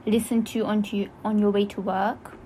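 A woman's voice: mid-range voice, level tone, normal speed, mellow, slight background noise. A young woman co-hosting a podcast in casual chat, blunt and giggly, swearing freely. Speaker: podcast co-host.

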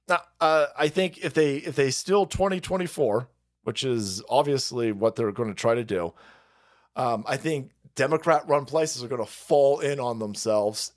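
A middle-aged man hosting a livestream, ranting in a profane, rambling and mocking way and thanking viewers for donations. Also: medium pitch. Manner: foul-mouthed, rambling, mocking; reads donor messages aloud. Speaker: livestream host. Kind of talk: profane political rant and chat reading.

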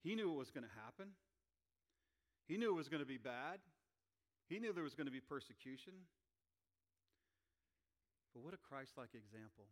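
A man preaching a sermon, animated, acting out quoted voices with rising pitch and volume. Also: moderate pace, pauses often. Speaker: pastor.

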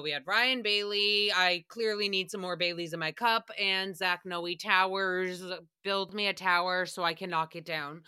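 A woman's voice: medium pitch, bright, forceful tone, clean tone, no echo, studio quality. A woman hosting a casual solo recap podcast, ranting in a sassy, profane way and slipping into mock voices for quotes. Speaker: podcast host.

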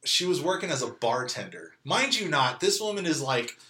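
A man's voice: on the high side, moderate pace, echoey room. A man from California casually telling a personal story, laughing often and acting out what people said. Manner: animated, laughing, acts out quoted lines. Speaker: guest telling his story.

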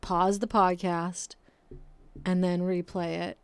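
A woman's voice: fairly low pitch, little pitch movement, slow pace, clear, resonant tone. A woman hosting a solo podcast, ranting casually, swearing often and mocking herself, talking close to the microphone. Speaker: podcast host. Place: home room, painters working outside.

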